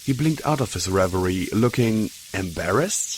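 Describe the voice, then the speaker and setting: Guy narrating a fan audiobook, lowish steady voice, tiny bit of background noise. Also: moderate pace, low-quality recording. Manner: steady storytelling, voices every character. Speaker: audiobook reader.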